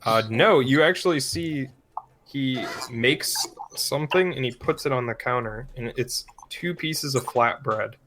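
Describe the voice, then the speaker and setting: Relaxed man narrating a tabletop game. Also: mid-range voice, measured pace, a little hiss or hum. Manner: relaxed, loose, full of "like"s. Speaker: game master.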